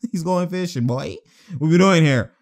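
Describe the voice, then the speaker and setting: A young man giving excitable live reaction commentary on a basketball game, laughing often and throwing out slangy exclamations. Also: a little high, unhurried.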